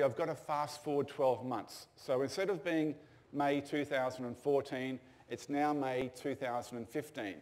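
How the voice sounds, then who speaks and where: A man's voice: on the high side, a little mellow. An older man, telling stories casually with fillers and restarts. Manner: casual anecdotal storytelling with fillers. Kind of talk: storytelling talk.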